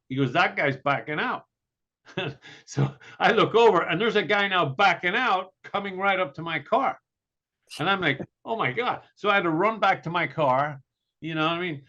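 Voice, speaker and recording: A man tells a story in a podcast chat, bright and forceful, and he acts out every quote with a lively voice. His voice sits a bit high and comes through dull and lo-fi. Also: normal speed. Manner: animated, acts out quotes and laughs often. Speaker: podcast co-host. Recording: dull lo-fi sound.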